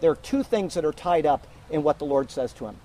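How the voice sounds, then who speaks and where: A male pastor delivers an emphatic sermon, working through a scripture passage and warning his congregation. His voice is mellow and warm, sitting a little higher than most men's. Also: expressive, fairly quick, poor audio. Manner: emphatic, teaching verse by verse.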